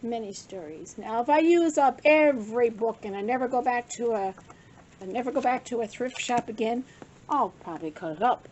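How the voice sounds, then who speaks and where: The voice is fairly high, fairly quick, and darkish, belonging to an older craft vlogger casually rambling about her craft supplies. She's a bit breathless and keeps correcting herself, and the muffled recording has slight background noise.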